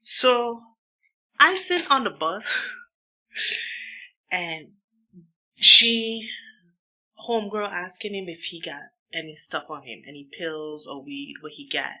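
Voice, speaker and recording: A woman from Saint Martin telling a story in a casual, animated way, laughing between lines and using lots of slang. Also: fairly low pitch, slow pace, pauses often, low-quality recording. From Saint Martin, Dutch Caribbean.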